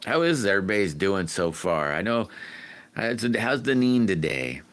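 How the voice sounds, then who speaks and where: A man hosting a casual livestream, chatting to viewers and greeting them by name in a rambling, friendly way, sometimes whooping loudly. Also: low voice, big pitch swings, moderate pace. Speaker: livestream host. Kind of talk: casual livestream chat reading viewer comments.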